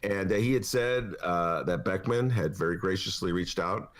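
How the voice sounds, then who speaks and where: A man's voice: low-pitched, normal speed. A man hosting a political talk podcast in a studio, sarcastic and mocking in his banter. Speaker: podcast host. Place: radio studio.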